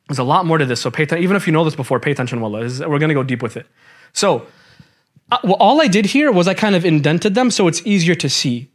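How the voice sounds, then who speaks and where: A young man teaching a Quran class in a lively, casual way, quizzing his students as he goes. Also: a little high. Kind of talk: classroom lecture.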